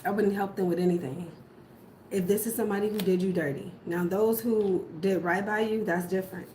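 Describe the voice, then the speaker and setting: A woman's voice: medium pitch, fairly even intonation, a little fast, dark tone. A woman gives a casual tarot reading in a mid-range voice, driving her warnings home with emphatic repetition. Her voice rings in an echoey room. A faint noise sits underneath. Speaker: tarot reader.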